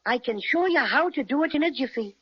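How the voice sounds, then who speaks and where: A woman's voice: high-pitched, animated, a little fast, slightly rough. A woman voicing a small, friendly male teddy bear with a playful Irish-flavored lilt, in a radio play on a dull lo-fi recording. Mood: kindly, coaxing.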